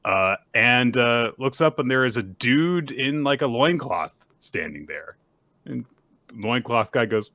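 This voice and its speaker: A man with a bright, forward voice recaps a story for his co-host in casual chat, leaping into little acted-out quotes along the way. The sound is dry and close, with no room around it. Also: mid-range voice, unhurried, no echo. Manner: animated storyteller, acts out quotes in bursts. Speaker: podcast co-host.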